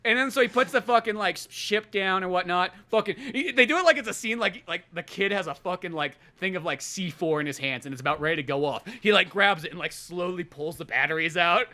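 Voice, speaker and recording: A man hosts a podcast in a high-pitched, pushed, bright voice, talking a little fast with few pauses. In casual chat he rambles profanely, acting out movie scenes as he retells them.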